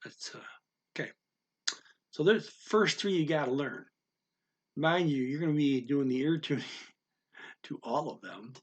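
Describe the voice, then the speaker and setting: A man teaching the tones of Mandarin in a casual spoken lesson, unhurried and halting, stopping to demonstrate with exaggerated high and low sounds. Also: husky, highs cut off. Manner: unhurried, halting with fillers and restarts.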